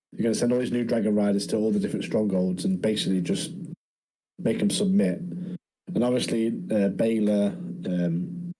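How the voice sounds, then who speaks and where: A man's voice: fairly low pitch, dark tone, breathy edge, rough recording. A young man, co-hosting a podcast, recapping scenes casually with many "um"s and "like"s. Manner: recaps plot scene by scene, with fillers. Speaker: podcast co-host. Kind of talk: casual chat.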